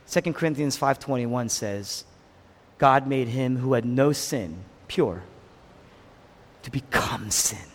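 A man preaching a sermon with passion, rising to loud peaks and dropping to hushed lows. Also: slow, long pauses. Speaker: pastor. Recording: long hall reverb.

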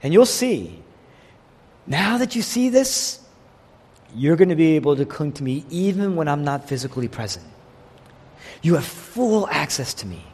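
A husky-voiced man preaches with a fairly high, lively pitch that rises and falls constantly. His words ring out with a long reverb, as in a large church hall. He drives his points home through repetition. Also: normal speed, pauses often. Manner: animated preaching, quotes figures in voiced asides. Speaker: pastor. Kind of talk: sermon.

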